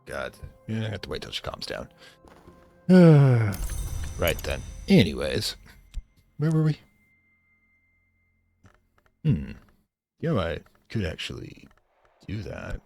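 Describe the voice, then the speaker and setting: A man's voice: sits low, wildly swooping pitch, slow pace, gravelly, pauses often, dark tone, soft background music. A man hosting a video game let's play, casually commenting and hamming up a would-be villain. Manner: playful, slips into mock-villain theatrics.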